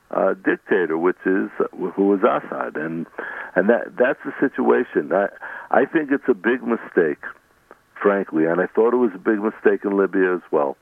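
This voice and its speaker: A man with a fairly low voice speaks over a tinny phone line. He talks haltingly, restarting phrases as he lays out firm views. The sound is dry and close. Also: dry recording. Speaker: guest, former mayor and author. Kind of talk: radio interview over phone.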